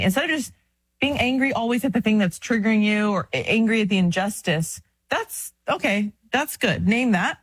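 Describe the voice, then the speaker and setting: A woman's voice: medium pitch, expressive, moderate pace, breathy edge, no echo. A woman in her thirties co-hosting a casual faith talk, earnest and chatty, often breaking into laughs. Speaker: podcast co-host.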